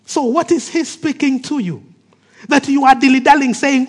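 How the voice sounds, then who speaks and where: Guy preaching a sermon, really high voice, goes quiet and hushed for effect. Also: lively intonation, normal speed. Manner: emphatic preaching that drops to soft, hushed phrases; acts out quoted speech of the people in his stories.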